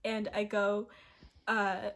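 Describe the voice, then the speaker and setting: A woman's voice: mid-range voice, monotone, slow pace, fairly bright tone. A young woman in her late teens telling a storytime vlog, chatty and rambling, with lots of "like" and restarts, often laughing as she goes. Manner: chatty and rambling, heavy use of "like", frequent restarts. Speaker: vlogger.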